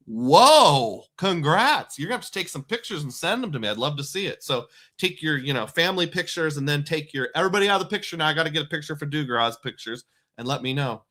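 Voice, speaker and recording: A man's voice: on the high side, animated, brisk, sharp tone. A man in his forties from southeast Iowa, hosting a live stream and chatting through viewer comments with frequent laughs. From southeast Iowa, USA. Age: 40s. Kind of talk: casual live stream chat.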